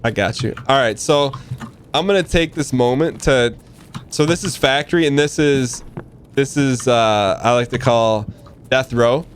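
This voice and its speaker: A man chatting casually with a teammate as he hosts a gaming stream, asking one question after another in a friendly tone. His voice sits at an ordinary pitch. Faint noise runs underneath. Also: a little slow. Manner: friendly, asks many questions. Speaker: streamer host.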